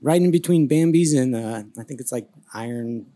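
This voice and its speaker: A man's voice: mid-range voice, normal speed, mellow. A man chatting as a guest artist on a podcast, laid-back and enthusiastic, swearing casually. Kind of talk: casual chat.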